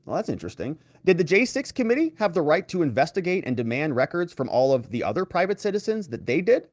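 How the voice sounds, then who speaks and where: A male lawyer running a commentary show reads official letters aloud with animated, theatrical emphasis and cuts in with mocking asides. His pitch moves widely from line to line. The recording is dry and close, with no room sound. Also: fast, dry recording. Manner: animated reading of quoted letters.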